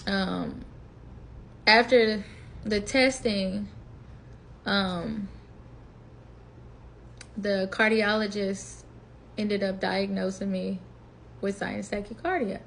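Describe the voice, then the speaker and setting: There's slight background noise as a woman in her twenties tells a story from her life in a relaxed vlog. Her medium-pitched voice is slow and creaky with long pauses, and she animatedly plays out what went through her head and what she said.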